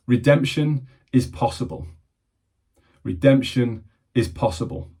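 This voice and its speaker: Earnest husky man talking to camera. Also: medium pitch, a little mellow. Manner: earnest, repeats words as he restarts phrases. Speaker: mentor and vlogger. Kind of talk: reflective talk to camera.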